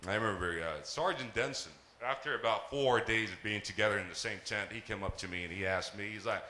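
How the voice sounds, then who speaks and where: A male stand-up comedian from Palestine, telling stories on a live stage in an animated, profane way. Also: on the low side, fairly quick. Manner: animated, profane, laughing through his lines. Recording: echoey live venue.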